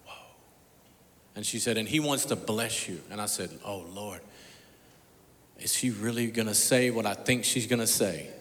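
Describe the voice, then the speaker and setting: Pastor preaching in a reverberant hall. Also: male voice, lowish voice, a little hiss or hum. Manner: storytelling, swings from hushed to loud and emphatic. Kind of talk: sermon. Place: church sanctuary.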